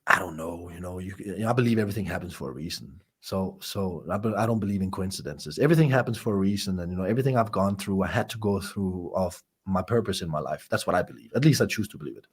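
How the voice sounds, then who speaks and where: A man's voice: low voice, animated, fast, few pauses, breathy edge. A man speaking as a life coach on a podcast, telling his story candidly and emotionally, swearing often and repeating words as he restarts.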